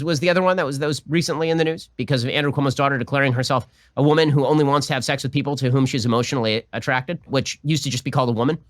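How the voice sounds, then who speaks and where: A man giving sardonic, rapid-fire reaction commentary on video clips. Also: on the high side, fairly bright tone, no echo, clean studio sound. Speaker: political commentator.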